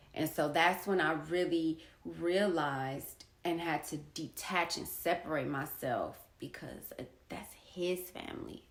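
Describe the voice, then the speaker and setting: A woman in her thirties tells a personal story in a low voice, blunt and profane, and she repeats her points for emphasis. She sounds like she is speaking in a bare, echoey room. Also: measured pace, few pauses. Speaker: artist and poet sharing a personal story.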